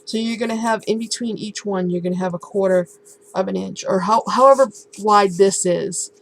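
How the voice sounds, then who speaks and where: A woman casually showing and explaining a handmade album in a relaxed, halting way, with many ums and restarts. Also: medium pitch, creaky, poor audio. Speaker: crafting vlogger. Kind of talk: casual show-and-tell craft tutorial.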